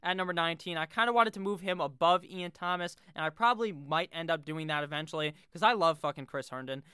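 A young man with a high, bright voice runs through fantasy football rankings in a brash, joking, foul-mouthed way. His tone is smooth and clear, recorded close and dry with no room sound. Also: fast, no echo. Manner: brash, joking, swears freely. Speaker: fantasy football video host.

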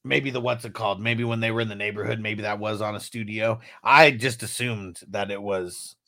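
A man's voice: fairly low pitch, fairly even intonation, normal speed, bright, forceful tone, no echo, clean studio sound. A man co-hosting a casual movie review, laughing often and mimicking punch sounds. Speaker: podcast co-host.

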